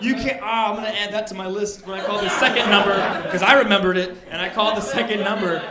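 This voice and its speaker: A male stand-up comedian telling a story, acting out the people in it and getting loud and exasperated. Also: high-pitched, expressive, fast talker, hardly any pauses. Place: comedy club stage. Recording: echoey club with crowd laughter. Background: audience laughing.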